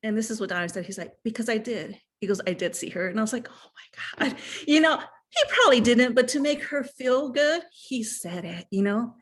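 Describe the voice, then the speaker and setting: A woman's voice: a little high, a little fast, hardly any pauses. Chatty woman telling a story. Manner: chatty, animated, many fillers and asides. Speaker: guest sharing fan memories. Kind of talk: casual storytelling chat.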